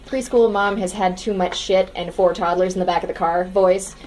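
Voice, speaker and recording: A woman guest chatting on a radio talk show, friendly and quick to laugh. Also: fairly low pitch, fairly even intonation, darkish tone, slight background noise, poor audio. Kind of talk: casual radio banter. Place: radio studio.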